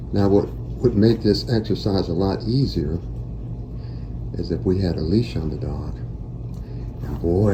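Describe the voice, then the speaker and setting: A man working as a dog trainer, explaining each step of a training session to the camera in a steady, instructive way. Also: deep voice, a little slow, pauses often, noisy background.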